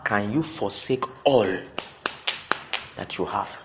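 A middle-aged man preaching a sermon, swinging between loud exclamations and quiet asides. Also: on the low side, slow pace, noisy background.

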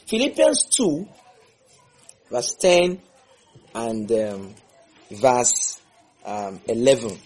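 A man's voice: mid-range voice, darkish tone, husky. A man leading a Bible study, repeating verses and quizzing his listeners. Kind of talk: interactive Bible teaching.

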